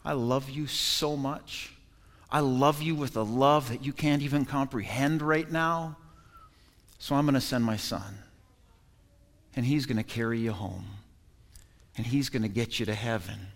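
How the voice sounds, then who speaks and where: Preacher doing a gentle, loving God voice, hushed and slow, in a reverberant hall. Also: male voice, medium pitch, pitched below the performer's own voice, lightly acted. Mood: tender. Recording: echoey hall.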